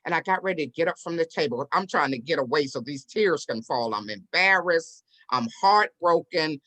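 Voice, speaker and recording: A woman guest tells her story with lively energy and slips into the voices of the people she quotes. Her speaking voice sits a little low for a woman. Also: moderate pace. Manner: animated storyteller who acts out quoted voices. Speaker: real estate investor and business owner, interview guest. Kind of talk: storytelling in an interview.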